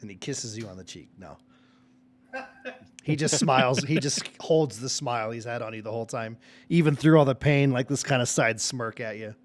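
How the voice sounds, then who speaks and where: A man's voice: medium pitch, normal speed, a little hiss or hum. A man running a tabletop game as dungeon master, narrating animatedly with many fillers.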